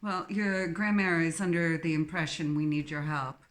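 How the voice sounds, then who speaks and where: A woman voicing a snobbish, condescending English woman with a posh accent and drawn-out, mocking delivery. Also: low voice, close to an everyday voice.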